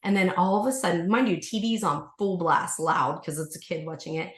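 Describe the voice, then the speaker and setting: A woman with a lowish voice tells a personal story in a casual podcast chat, animated and full of fillers, jumping into the voices of the people in it. Her voice carries a roomy echo. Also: a little fast. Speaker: yoga teacher and podcast guest.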